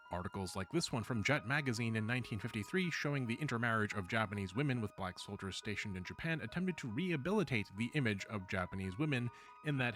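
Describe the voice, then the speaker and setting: Guy reading his video essay script, measured and kinda wry, lots of up and down in his voice, quiet music behind. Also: on the low side. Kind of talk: scripted narration.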